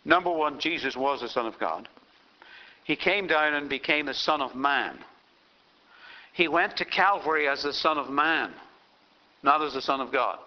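A man's voice: a little high, moderate pace, long pauses. An older man preaching a sermon as pastor, telling a story and reading scripture aloud with emphasis. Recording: dull lo-fi sound.

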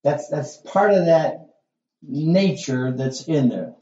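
A man's voice: a little high, takes it slowly, mellow, reverberant, highs cut off. A middle-aged male pastor preaching a sermon in a folksy, conversational way, full of asides and rhetorical questions.

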